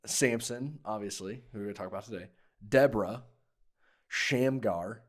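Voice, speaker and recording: A man's voice: fairly low pitch, moderate pace. A man hosting a church podcast in casual chat, playful and chatty, often restarting his sentences. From Ohio. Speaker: podcast host.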